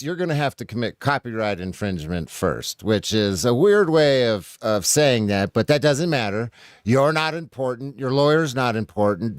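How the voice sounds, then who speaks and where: A man's voice: medium pitch, no room sound, studio quality. Sarcastic, swearing commentator man. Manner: profane, sarcastic, combative. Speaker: commentator reacting to a video. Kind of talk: casual reaction commentary.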